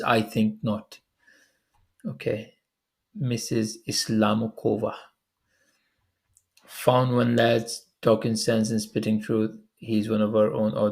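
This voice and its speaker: A young man from Pakistan, a video commentator reading viewer comments aloud with quick chatty asides and frequent laughs. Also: mid-range voice. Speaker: online commentator.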